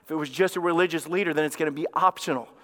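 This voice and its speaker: A man's voice: steady tone, rapid-fire. Emphatic male pastor preaching in a hall. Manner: emphatic preaching, drops low and quiet to read scripture. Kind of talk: sermon. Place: church sanctuary. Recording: reverberant church hall.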